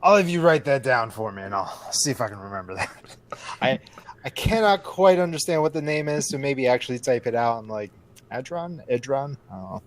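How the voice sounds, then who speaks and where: A man playing a tabletop game, talking in a gruff, blunt way. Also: mid-range voice, animated, fairly quick. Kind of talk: casual in-character play.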